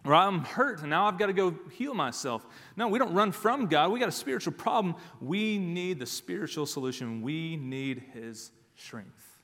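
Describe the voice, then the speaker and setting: A man's voice: high voice, expressive, normal speed, fairly bright tone. Emphatic preaching man in echoing hall. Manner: emphatic, repeats key phrases, frequent "all right". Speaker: pastor. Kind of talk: sermon.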